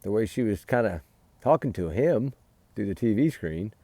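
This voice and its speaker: A man vents in heated, emphatic commentary, his low voice rough with gravel. The tone is dark and dull. He talks outdoors at night beside a fire pit. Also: lively intonation, moderate pace, no room sound. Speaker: true-crime vlogger. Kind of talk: casual commentary.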